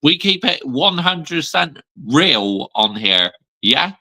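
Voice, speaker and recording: Brief: male vlogger, bright gravelly voice, slow and lively, blunt emphatic rant. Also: on the high side, low-quality recording. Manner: blunt, emphatic, repeats "yeah?" and "mate". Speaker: football channel host. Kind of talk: ranting fan vlog.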